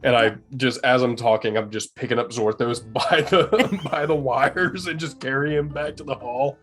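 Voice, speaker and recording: A man's voice: medium pitch, normal speed, a bit bright, soft background music. A man playing a tabletop game, asking practical questions about rules and distances. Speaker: player.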